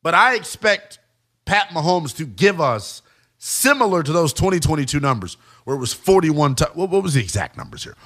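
A sports commentator delivers an emphatic, animated football analysis monologue directly to his viewers, calling them "guys" and "y'all." His voice is fairly high-pitched and moves at a moderate pace.

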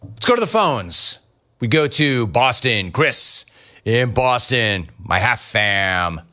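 A middle-aged man hosting a sports talk radio show, riffing lively on callers and the news. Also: mid-range voice, slow. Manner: lively, riffing, mock-quoting callers and family.

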